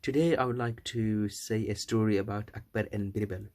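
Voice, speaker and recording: Low-voiced man telling a story casually. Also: fairly even intonation, moderate pace, darkish tone. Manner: rambling, with restarts and self-corrections.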